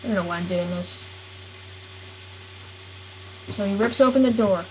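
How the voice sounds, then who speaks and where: A woman's voice: mid-range voice, measured pace, slight background noise, rough recording. Rambling, giggly woman telling a story. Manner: rambling, giggly, keeps interrupting herself. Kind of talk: improvised silly story narration.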